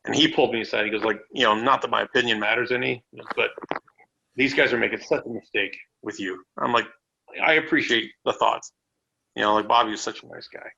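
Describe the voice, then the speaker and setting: Speaking fairly quickly in a creaky voice, a man guests on a podcast from home over a call, casually swapping road stories. He's a relaxed storyteller who slips into a silly high voice, and the recording sounds muffled.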